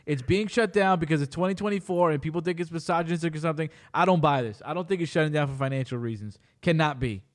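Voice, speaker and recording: A young man with a slightly higher voice hosts a loose podcast conversation. He tells stories with animated, exaggerated energy and swears freely. His rants are mock-serious. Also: quick pace, hardly any pauses. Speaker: podcast host. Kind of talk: casual chat.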